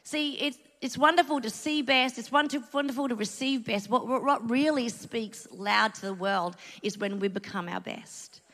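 A woman's voice: a little high, moderate pace, few pauses, a bit bright. A middle-aged Australian woman giving a sermon, telling a personal story in a chatty, earnest way with asides. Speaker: church speaker. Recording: long hall reverb.

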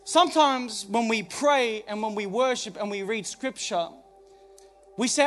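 A man's voice: high-pitched, lively intonation, moderate pace, fairly bright tone, soft background music. A man preaching a sermon as pastor on a church stage, emphatic, with many rhetorical questions.

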